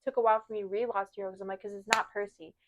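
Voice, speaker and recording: A woman in her twenties, a podcast co-host in casual chat, animated and swinging between mumbling and loud exasperation. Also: medium pitch, racing, slight background noise.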